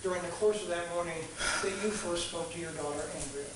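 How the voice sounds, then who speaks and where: A man examining a witness in a courtroom, asking measured, polite, leading questions. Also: on the high side, very noisy. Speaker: trial attorney questioning a witness.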